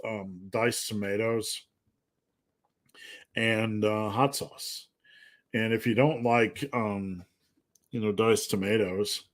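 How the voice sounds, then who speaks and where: A man hosts a live-stream question session as a fitness coach. He reads viewer names and questions aloud, then answers in a loose, joking, rambling way. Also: fairly low pitch.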